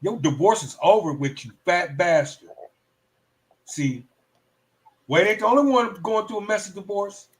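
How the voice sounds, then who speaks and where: A man's voice: high voice, normal speed, long pauses. A man hosting a live stream, giving heated, profane commentary and now and then slipping into mocking voices. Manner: animated, profane, slips into mock voices.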